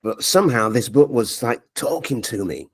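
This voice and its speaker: A man in his forties tells stories as an interview guest, his pitch leaping up and down as he acts out who said what. He talks with lively animation. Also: normal speed, husky. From Leeds, England. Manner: animated storyteller, acts out quoted dialogue. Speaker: interview guest, media coach. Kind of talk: storytelling interview.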